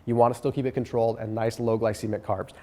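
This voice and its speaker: A man with a nasal, stuffed-up voice from a cold, answering viewer questions in a quick, direct, coaching way. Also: medium pitch, level tone, warm tone, long reverb tail. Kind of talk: casual Q&A advice.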